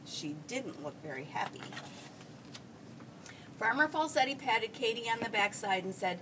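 A woman teacher reading a children's picture book aloud, with a high, lively voice that swoops up and down. She tells the story expressively, recorded from a mic set well away from her, with a faint hiss behind. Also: unhurried, long pauses, distant mic, rough recording.

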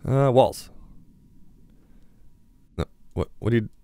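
A man's voice: mid-range voice, animated, slow pace, warm tone, clean tone, no room sound. Man, young adult, gameplay commentary, talking to himself, casual, mildly sarcastic. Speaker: gaming YouTuber.

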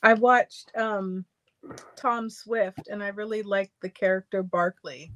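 A woman hosts a sewing livestream, chatting casually, telling stories, and laughing often. Her voice is medium-pitched, a bit bright, slow, and fairly even in intonation, with slight background noise.

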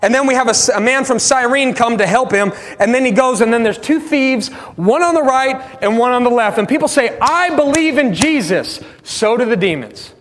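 A man preaching a sermon as pastor, passionate, swinging from loud bursts to hushed pleas. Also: very high voice, a little fast, hardly any pauses, in a large hall. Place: church sanctuary.

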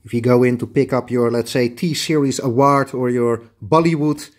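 A man's voice: medium pitch, fairly even intonation, normal speed. A middle-aged man with a Dutch accent, a tailoring shop owner chatting bluntly as he shows fabrics to the camera. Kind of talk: casual product showcase.

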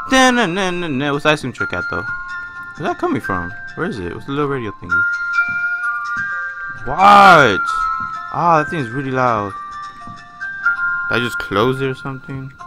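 A young man commentating a horror game, jumpy and swearing constantly, yelling and laughing when startled. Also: medium pitch, sing-song, quick pace, loud music behind the voice. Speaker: gamer.

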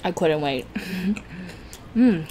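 Woman mukbang host, low voice, unhurried chat, faint hiss. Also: animated, mellow. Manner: chatty, laughs often, self-conscious about talking fast. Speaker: food vlogger host.

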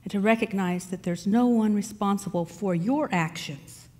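A woman voicing a calm, wise male sage who speaks in a soothing, gently questioning way. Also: medium pitch, moderate pace, natural voice. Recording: long reverb in a large hall.

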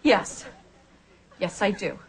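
A timid, anxious patient. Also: female voice, medium pitch, animated, slow pace, vocal fry. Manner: hesitant, meek murmurs. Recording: TV sketch clip with audience laughter and noise.

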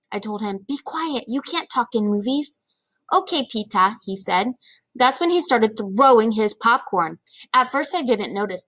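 A woman reading a children's novel aloud in first person, lively storytelling. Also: medium pitch, low-quality recording. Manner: lively storytelling, quick voice shifts for characters.

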